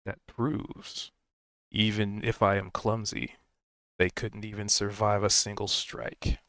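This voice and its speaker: A man's voice: on the low side, little pitch movement, slow pace, fairly bright tone, no echo, studio quality. A man voicing a proud, standoffish male minotaur fighter in a tabletop game, speaking in curt, boastful lines. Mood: taunting.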